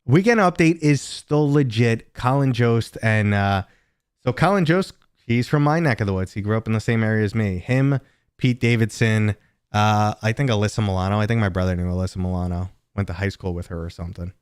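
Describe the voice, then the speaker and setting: On his live stream, this New York City man jokes with viewers and rambles through chatty asides to chat. He speaks fairly quickly in a smooth voice on the low side, with a dry, clean studio recording.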